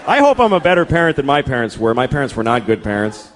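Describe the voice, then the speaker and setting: A man's voice: medium pitch, fast talker, a crowd in the background, background noise. A middle-aged man doing a stand-up comedy routine on a large theater stage, ranting with exasperation and lots of swearing. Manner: animated, exasperated ranting with profanity. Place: large theater stage before a live audience.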